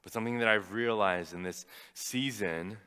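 A young man preaching a sermon, telling a personal story in an animated, fast-rising way when excited. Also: fairly low pitch, clean tone. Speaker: pastor. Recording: long hall reverb.

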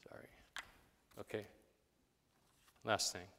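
A man's voice: slow, pushed and bright, big-room sound, a little hiss or hum. A man preaching a sermon in a casual, conversational way, briefly acting out quoted voices.

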